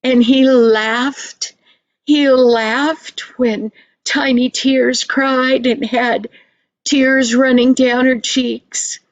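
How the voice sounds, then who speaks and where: Very slow, gentle grandmother storyteller. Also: high-pitched, fairly even intonation, no room sound, muffled recording. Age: older. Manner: gentle, slow, sing-song, addresses the listener. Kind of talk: storytelling for children.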